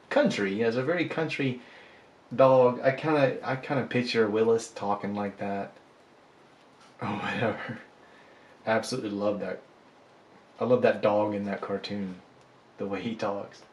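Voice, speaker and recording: A man's voice: fairly low pitch, level tone, moderate pace, long pauses, a little hiss or hum. Rambling man in an echoey room. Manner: rambling, joking, self-deprecating. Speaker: polymer clay artist. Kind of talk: casual chat while sculpting. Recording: echoey room, faint ambience.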